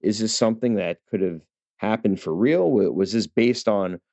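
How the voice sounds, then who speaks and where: A man's voice: fairly low pitch, normal speed, mellow, no echo. A man giving a chatty, casual film review, talking straight to his viewers with many fillers and restarts. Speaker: movie reviewer. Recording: dull, lo-fi dry recording.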